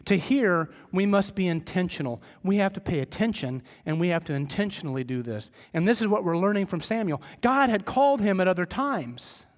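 Middle-aged man, pastor, sermon, high voice, conversational, long hall echo. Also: lively intonation, brisk, hardly any pauses. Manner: conversational preaching with humorous family stories; drops his voice low for emphasis. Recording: long reverb of a large hall.

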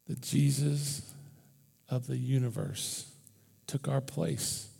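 A man preaching an Easter sermon as pastor, conversational and impassioned, swinging from loud bursts to hushed near-whispers. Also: mid-range voice, fairly even intonation, slow, gravelly, pauses often, husky, in a large hall. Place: church.

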